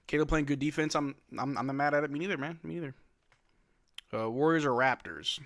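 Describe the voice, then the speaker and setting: A man calling a game on a casual livestream, his voice bright and forceful and sitting a little high. He runs the play-by-play, reads chat questions aloud and answers them, and breaks into loud outbursts at big plays. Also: steady tone, fairly quick. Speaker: livestream host doing play-by-play. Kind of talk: casual watch-along commentary.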